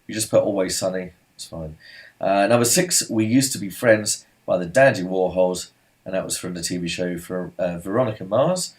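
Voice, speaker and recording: A man hosts a casual quiz, reading answers in a somewhat low voice. He talks in a loose, chatty way, full of ums and little side remarks. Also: normal speed. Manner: chatty, rambling asides and filler-heavy. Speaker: pub quiz host.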